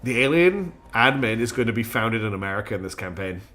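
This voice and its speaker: A man's voice: lowish voice, animated, quick pace, pushed and bright, faint music behind. A very tired man streaming a strategy game, chatting casually and rambling with lots of fillers and self-mocking asides. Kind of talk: casual gameplay commentary.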